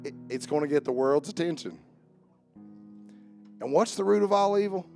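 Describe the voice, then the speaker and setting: A pastor delivers a sermon in a somewhat high voice. He moves between fervent shouting and quiet, earnest calls to prayer. A guitar plays faintly behind him. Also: animated, normal speed, creaky. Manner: shouting, fervent preaching that drops to a hushed prayer.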